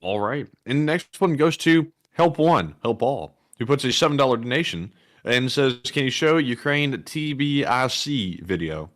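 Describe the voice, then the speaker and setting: A man's voice: medium pitch, expressive, normal speed, a bit bright. Guy cohost reading super chats, dry jokes, normal mid voice. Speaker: co-host. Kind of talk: casual chat reading donations.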